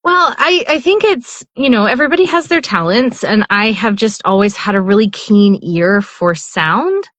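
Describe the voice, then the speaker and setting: A middle-aged woman talks casually as a guest, rambling through thoughts with plenty of fillers and restarts. Her voice sits at an ordinary pitch and sounds close and dry, with no room around it. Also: expressive, normal speed, few pauses, a bit bright, no echo. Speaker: audiobook narrator guest. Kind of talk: casual interview chat.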